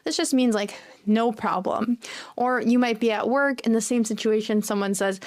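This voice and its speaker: A woman with a slightly high-pitched voice gives an English phrase lesson. She explains each expression patiently and slips into little acted-out dialogues to show how it is used. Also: a little fast, darkish tone. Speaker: English teacher.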